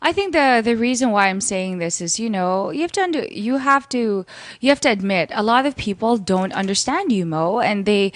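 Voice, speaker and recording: A woman's voice: medium pitch, expressive, normal speed, no echo. A woman co-hosting a radio advice show, speaking earnestly and searching for her words. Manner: earnest, searching, with many restarts. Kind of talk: casual radio talk.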